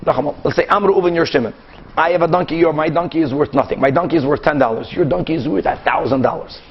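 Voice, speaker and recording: High-voiced animated rabbi teaching Talmud. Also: male voice, slightly rough, lo-fi sound. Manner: animated, acts out both sides of cases with quick back-and-forth. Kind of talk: Talmud class lecture.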